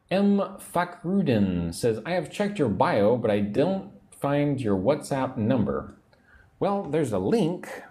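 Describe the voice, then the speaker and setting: A man hosting an English lesson livestream, explaining words slowly, drilling pronunciation and reading viewer comments aloud. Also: medium pitch, sing-song, a little mellow. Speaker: English teacher. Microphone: own microphone at a computer.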